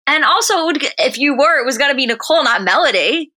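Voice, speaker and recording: A woman on a podcast speaks bluntly and with emphasis, swearing freely as she chats. Her voice sits a little high and has a bright, sharp edge. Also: expressive, fast talker. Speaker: podcast co-host. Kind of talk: casual chat recapping a reality show.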